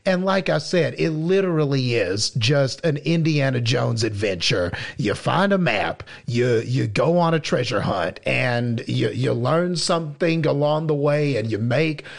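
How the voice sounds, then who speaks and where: Slow gravelly man reviewing films. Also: medium pitch, animated. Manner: halting, many restarts and fillers. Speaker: film podcast co-host. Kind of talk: casual film review chat.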